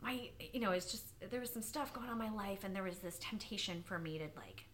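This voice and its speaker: Bright lively woman chatting about her running, animated and quick to laugh. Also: mid-range voice, slight background noise. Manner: animated storyteller, laughs often, many restarts. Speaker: runner and interview guest. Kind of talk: casual interview conversation.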